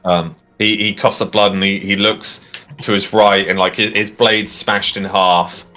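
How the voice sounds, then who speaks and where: A man narrating as game master of a tabletop game, halting, with many fillers and restarts. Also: lowish voice, little pitch movement, sharp tone.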